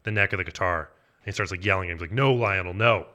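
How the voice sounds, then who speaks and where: A man spins a long comedic anecdote at a quick clip, his voice bright and forward. He rambles and piles on fillers while keeping a deadpan delivery. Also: low-pitched. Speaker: storyteller.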